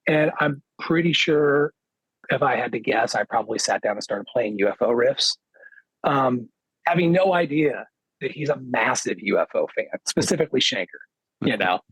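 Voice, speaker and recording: Husky-voiced man telling a story. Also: mid-range voice, moderate pace, no room sound, rough recording. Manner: lively anecdote teller, acts out quoted dialogue. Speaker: guest guitarist. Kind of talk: casual storytelling interview.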